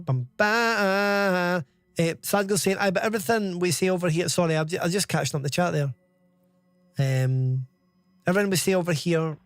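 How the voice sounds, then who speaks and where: A man's voice: a little high, a little mellow, no echo. A Scottish man in his thirties giving chatty live commentary while streaming a game, reading out chat and swearing casually. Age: 30s.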